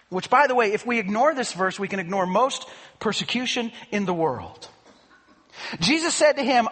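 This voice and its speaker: A man's voice: very high voice, sing-song, moderate pace, pauses often, sharp tone. A man preaching a sermon as pastor, speaking emphatically and posing rhetorical questions to the congregation. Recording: long reverb of a large hall.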